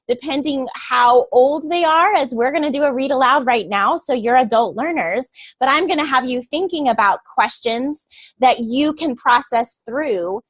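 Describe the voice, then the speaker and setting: A woman's voice: sits high, no echo. A woman teacher giving an earnest, explanatory lecture to adult learners before a read-aloud. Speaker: teacher educator.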